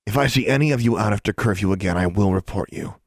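A stern, folksy school warden, voiced by a male reader, who scolds the children in a gravelly, raised tone. The sound is dry and close. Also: fairly low pitch, quick pace, no echo. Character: gruff stern grown man, school groundskeeper.

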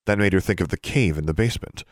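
A man narrating a story aloud in a steady storytelling manner. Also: deep voice, quick pace, dry recording, clean studio sound. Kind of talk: audiobook reading of fan fiction.

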